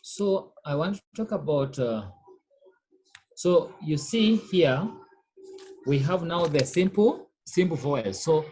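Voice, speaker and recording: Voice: mid-range voice, a little mellow, husky. A teacher giving a French pronunciation lesson, drilling students and answering their own questions with "what?".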